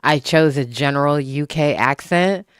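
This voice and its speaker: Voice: mid-range voice, a little slow, clean tone, no room sound, studio quality. An author chatting casually to a livestream audience from a room at home, loose and profane, laughing often into a small microphone. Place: home room with window open. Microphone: small desktop microphone.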